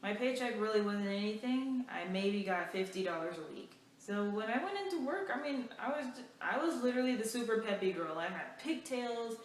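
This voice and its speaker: A woman's voice: fairly high pitch, normal speed, few pauses, a little hiss or hum. Chatty young woman in an echoey room. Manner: animated, chatty, full of fillers. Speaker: vlogger. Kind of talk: casual storytime. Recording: echoey room, mic far off.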